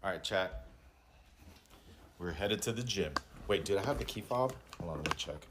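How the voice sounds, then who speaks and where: A man's voice: deep voice, animated, normal speed, background noise. A man live-streaming in casual chat, thinking aloud and repeating himself as he gets ready.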